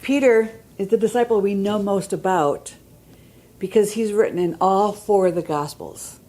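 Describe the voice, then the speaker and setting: A woman's voice: medium pitch, normal speed, warm tone, low-quality recording. A woman giving a conversational church teaching, reading scripture aloud and checking in with her listeners. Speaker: Bible teacher.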